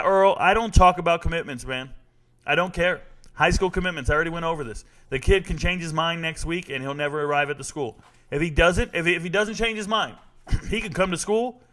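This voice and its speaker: A man's voice: on the high side, a little fast, sharp tone. A man in his forties hosting a casual live sports talk show, reading viewer comments and telling stories in a blunt, joking, slangy manner.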